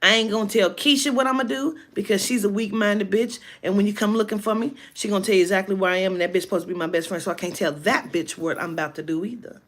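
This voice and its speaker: A woman telling a personal story in a casual monologue, animated and emphatic, with heavy profanity. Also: mid-range voice, fast, hardly any pauses.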